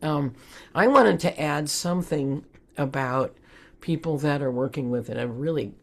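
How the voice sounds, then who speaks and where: Low-voiced woman on a webinar. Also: unhurried. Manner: conversational, laughs often, earnest. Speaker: webinar presenter. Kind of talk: webinar talk.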